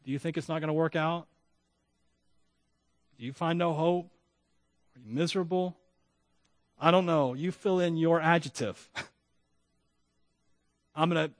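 A man preaching a sermon as pastor, animated, with humorous asides and self-deprecating jokes. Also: fairly high pitch, moderate pace, long pauses, no echo, clean studio sound. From Florida.

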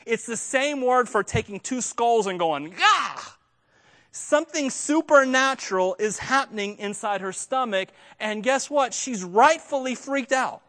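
High-voiced joking male preacher. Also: unhurried, few pauses. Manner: animated, joking asides to the congregation. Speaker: pastor. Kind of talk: sermon.

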